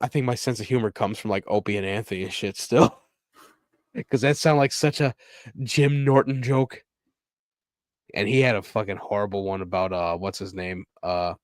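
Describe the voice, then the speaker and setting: A man co-hosting a podcast, telling crude jokes and stories in a loose, animated way, laughing often. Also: lowish voice, moderate pace, long pauses, dry recording, studio quality. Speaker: podcast co-host. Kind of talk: casual chat.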